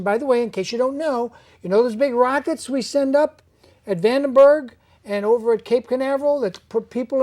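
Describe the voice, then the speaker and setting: A woman hosting an interview in casual chat, animated and talking through long what-if scenarios. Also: a little high.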